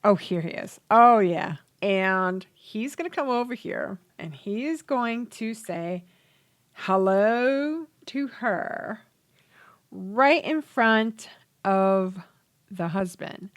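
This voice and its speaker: A woman with an animated, mid-range voice hosts a casual let's play at a slow pace. She chats freely as she narrates the game, swearing, laughing, and voicing characters.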